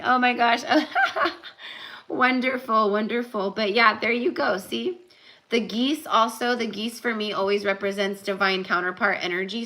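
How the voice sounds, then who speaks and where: A young woman giving a live tarot reading, chatty and rambling, full of fillers, slowing down to stress spiritual points. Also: medium pitch, pushed and bright, rough recording. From California. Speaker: tarot reader.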